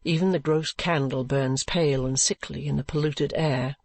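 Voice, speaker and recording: A woman narrating a classic novel in an audiobook with measured, even storytelling. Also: deep voice, no echo.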